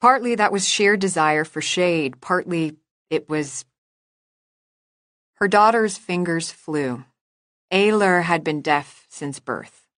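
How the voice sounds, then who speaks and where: Low-voiced woman narrating a novel. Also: takes it slowly, no echo, clean studio sound. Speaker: audiobook narrator. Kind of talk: scripted narration.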